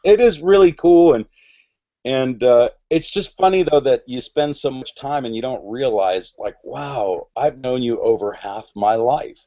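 A man's voice: mid-range voice, a little slow, mellow, lo-fi sound. A man in his forties telling a story on a podcast, rambling and restarting, acting out quoted lines. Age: 40s. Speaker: podcast guest. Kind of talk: casual storytelling.

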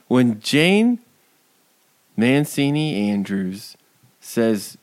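Man, podcast co-host, profane mocking rant, laughs a lot, slow delivery, mid-range voice. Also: medium pitch, big pitch swings. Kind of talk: casual chat.

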